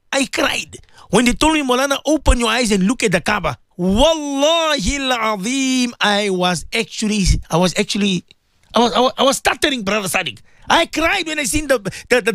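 Male radio host-cleric, impassioned and pleading, very animated pitch, dry studio mic. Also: gravelly, no echo. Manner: impassioned, pleading, repeats words. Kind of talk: emotional radio devotional talk.

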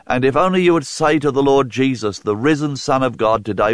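A man's voice: medium pitch, moderate pace, few pauses, no room sound, studio quality. A man preaching a sermon, earnest and pleading as he appeals to the listener.

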